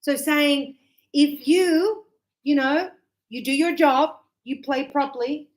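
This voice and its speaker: A middle-aged woman teaching an English class, lively and chatty, acting out short example dialogues for her students. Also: sits high, slow, rough recording. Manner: animated, acts out little example dialogues.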